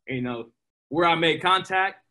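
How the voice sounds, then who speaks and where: A young man, a pro baseball player, telling animated stories in a casual interview, full of fillers. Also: a little high, moderate pace. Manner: animated, excitable, many fillers. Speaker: guest, professional baseball player.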